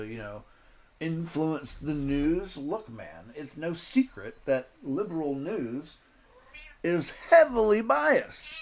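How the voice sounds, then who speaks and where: A man's voice: fairly high pitch, darkish tone. A middle-aged man hosting a live-stream commentary, ranting bluntly and swearing as he reacts to news clips.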